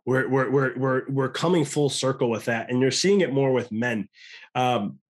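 A man's voice: medium pitch, normal speed. A man in his thirties with an American accent, talking earnestly in a casual conversation and often restarting his sentences. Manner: rambling, earnest, many restarts. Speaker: podcast guest.

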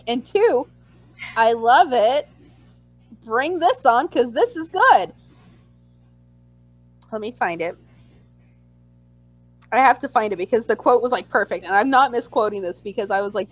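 A woman co-hosting a casual chat, animated and acting out her own reactions in squeals. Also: a little high, no echo, low-quality recording. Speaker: podcast co-host.

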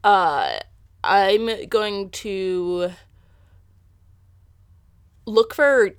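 A woman's voice: medium pitch, extremely slow, smooth, dry recording, studio quality. A woman playing a tabletop game, speaking anxiously and hesitantly in character. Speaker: player.

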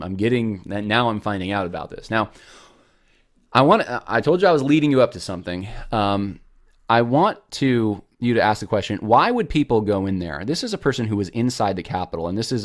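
A man hosting a casual commentary show, earnest and rambling with many restarts. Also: fairly low pitch.

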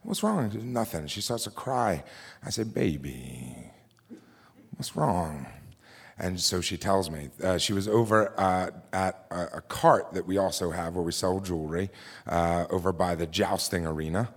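A man's voice: low voice, fairly even intonation, normal speed. A married man telling a true personal story on a theater stage, talking in a loose, conversational way with fillers and restarts. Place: theater stage before a live audience.

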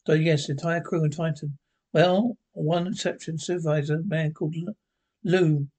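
An eccentric male time traveller, read aloud by a man. The voice sits fairly high for a man. Each line is read plainly, with the speaker named before it. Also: steady tone, normal speed, darkish tone, close to an everyday voice.

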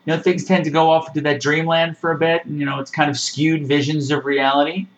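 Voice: medium pitch, little pitch movement, fairly quick, dull audio. A podcast host giving a sarcastic, exasperated rant while reviewing a horror movie, swearing freely. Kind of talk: casual ranting movie review.

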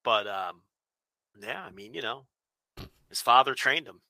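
A man's voice: mid-range voice, lively intonation, a little slow, pushed and bright, no room sound, clean studio sound. A man co-hosting a podcast in casual chat, blunt and sarcastic in his remarks. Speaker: podcast co-host.

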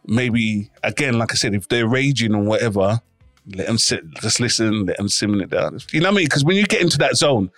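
A man, co-hosting a podcast in relaxed, slangy casual chat. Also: on the low side, fairly quick, no echo, faint music behind. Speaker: podcast co-host.

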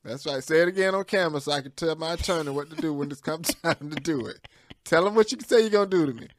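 A man's voice: fairly high pitch, fast, slight background noise. A man co-hosting a casual talk podcast in a small studio, teasing and laughing often as he playfully provokes his co-host. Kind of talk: casual talk show banter.

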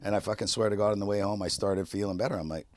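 A man's voice: fairly low pitch, racing, no echo. Profane storytelling podcast man. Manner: animated, profane, laughs often. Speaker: podcast co-host. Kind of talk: casual storytelling chat.

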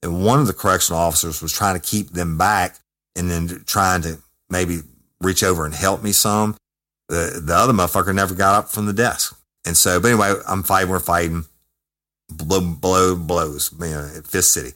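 A man with an extremely low, deep voice tells a story casually. He talks in a blunt, profane, emphatic way, punching out words as he goes. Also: moderate pace. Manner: profane, emphatic, animated retelling. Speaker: former correctional officer telling a story.

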